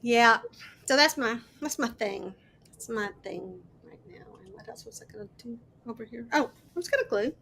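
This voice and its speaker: A high-pitched woman with a bright, forceful voice hosts a casual crafting livestream. She chats away, thinks aloud as she works, and greets viewers by name. She sounds sleep-deprived. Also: animated, normal speed, gravelly, a little hiss or hum. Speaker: host of a miniatures crafting livestream.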